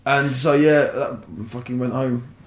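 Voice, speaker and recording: A man's voice: mid-range voice, a little slow. Sweary young man telling a story. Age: young adult. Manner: sweary, rambling, animated. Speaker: podcast guest. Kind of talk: casual storytelling. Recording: roomy echo.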